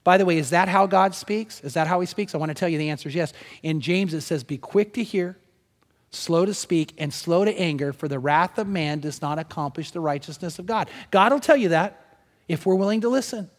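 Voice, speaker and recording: A man preaching a sermon as pastor, animated, moving between loud emphasis and hushed storytelling. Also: sits high, brisk, long reverb tail. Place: church sanctuary.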